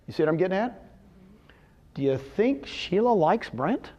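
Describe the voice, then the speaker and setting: Energetic man pitching to an audience. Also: normal speed. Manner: energetic, asks the audience questions. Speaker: real estate speaker. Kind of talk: talk to an audience.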